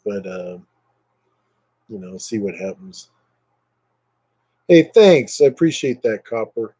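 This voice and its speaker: Laid-back guy chatting on his stream, warm dark voice, rambling with fillers. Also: on the low side, sing-song, slow, slightly rough, poor audio. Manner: thanks viewers by name. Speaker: live streamer. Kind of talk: casual live-stream chat.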